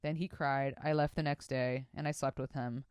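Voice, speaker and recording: Profane, animated young woman podcaster. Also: a bass voice, normal speed, clear, resonant tone, no room sound, clean studio sound. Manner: profane, animated, laughs and comments while reading stories aloud. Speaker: podcast host reading listener stories. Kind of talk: casual podcast chat.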